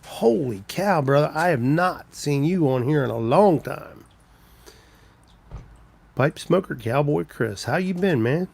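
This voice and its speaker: A man's voice: on the high side, animated, a little slow, creaky, darkish tone, breathy edge. A man hosting a casual live stream, rambling as he greets viewers by name and walks around his home with a handheld camera. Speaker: livestream host.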